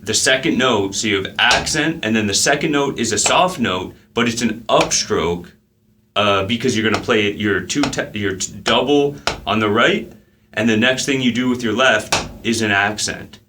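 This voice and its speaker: A man teaching a drum lesson in a relaxed way, counting the beats out loud as he plays. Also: fairly low pitch, normal speed, background noise. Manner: counts beats aloud while playing, casual with fillers. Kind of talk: relaxed instructional talk.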